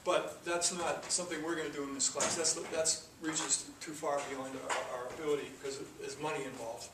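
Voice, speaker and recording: A man's voice: a little high, steady tone, moderate pace. Man lecturing in an echoey classroom. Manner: rambling, with fillers and restarts. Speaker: programming teacher. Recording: echoey room from far off, noisy.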